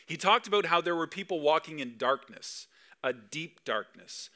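A man's voice: fairly high pitch, expressive, normal speed, pushed and bright. A man preaching a Christmas Eve sermon in a church service, chatty and full of rhetorical questions to the crowd. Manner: conversational, asks the crowd lots of rhetorical questions. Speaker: pastor.

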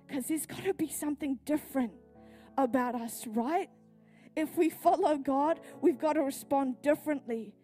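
A woman's voice: sits high, normal speed, mellow, faint music behind. Earnest New Zealand woman pastor preaching. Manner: earnest, personal storytelling. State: pregnant. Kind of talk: sermon. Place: church service.

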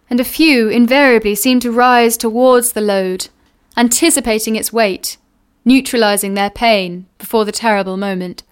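A woman reads a novel aloud, measured and unhurried. Her voice sits a little high and sounds smooth and clear. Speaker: reader. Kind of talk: audiobook reading of a novel.

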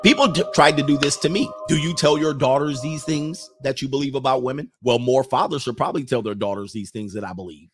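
A man's voice: medium pitch, fast talker, few pauses, faint music behind. A man with an ordinary mid-range voice hosts a reaction commentary. He talks bluntly and argumentatively, mocking the comments he reads and dropping casual slang as he goes. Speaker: commentary host reading viewer comments.

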